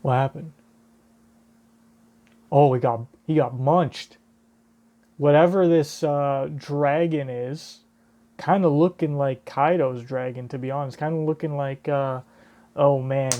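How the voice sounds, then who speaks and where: A man hosting a live reaction, reading a manga aloud and thinking out loud about what comes next. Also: medium pitch, steady tone, slow, long pauses, lo-fi sound. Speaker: reaction channel host.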